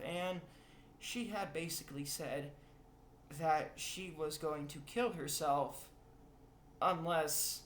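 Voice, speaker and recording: A man's voice: a little high, fairly bright tone, reverberant, a little hiss or hum. A young man vlogging a confessional rant, rambling, swearing and emotional. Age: young adult.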